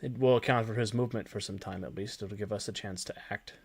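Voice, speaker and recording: A man's voice: fairly low pitch, steady tone, fast talker, breathy edge. A man playing a grave, formal male ally.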